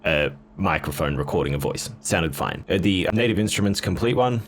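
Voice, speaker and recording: A man's voice: deep voice, lively intonation, moderate pace, slight background noise. A man casually demoing and comparing guitar gear, blunt and offhand in his comments. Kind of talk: casual gear demo talk.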